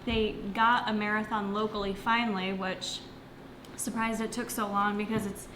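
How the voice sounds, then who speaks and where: A woman's voice: medium pitch, little pitch movement, moderate pace, noisy background. A young woman fitness coach chatting casually on a livestream from home, answering viewer questions with lots of fillers while she eats. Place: home, near the kitchen. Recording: echoey room.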